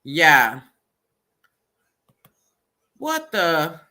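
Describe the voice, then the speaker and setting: A woman's voice: sits low, huge pitch swings, extremely slow, sharp tone. A woman vlogger giving casual reaction commentary, chatting to viewers with laughs and swearing.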